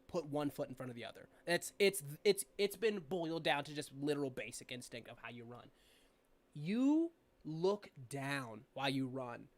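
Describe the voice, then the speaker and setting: A young adult woman narrating a tabletop game as game master, casual and rambling with fillers and swearing. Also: sits low.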